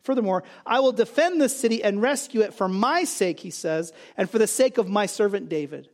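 A man's voice: high-pitched, lively intonation, a little fast, darkish tone. A man preaching a sermon, emphatic, asking and answering his own rhetorical questions. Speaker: pastor.

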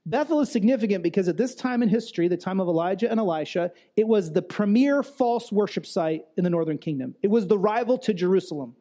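A man's voice: high-pitched, lively intonation, quick pace, few pauses, warm tone. A male pastor giving a sermon in a conversational way, with restarts and emphatic repetition.

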